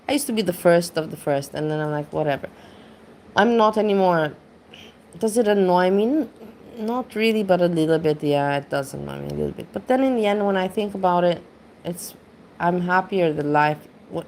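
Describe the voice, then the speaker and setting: A woman's voice: fairly low pitch, a little mellow, slight background noise. A woman rants bluntly and casually, swearing freely and rambling as she goes. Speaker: commentary streamer. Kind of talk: casual rant.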